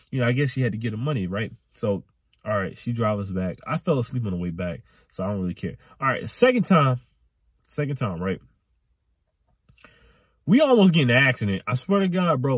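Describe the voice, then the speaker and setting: A young man recounting a chaotic ride in a rambling storytime vlog. His pitch swoops high and low as he gets worked up, with a husky grain. Close and dry, right on the mic. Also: brisk, no echo. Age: young adult. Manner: animated, rambling, repetitive slang. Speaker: vlogger.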